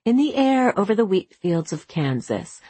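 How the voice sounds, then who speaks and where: A woman narrating a novel as an audiobook, with a measured, expressive reading. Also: medium pitch, slightly rough, no room sound. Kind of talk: scripted narration.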